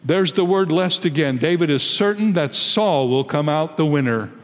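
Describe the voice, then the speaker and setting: An American man in his eighties, a pastor giving an emphatic, deliberate sermon in a large church. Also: on the high side, animated, long reverb tail. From United States. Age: 80s. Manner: emphatic, deliberate preaching that rises into pleading when quoting prayers.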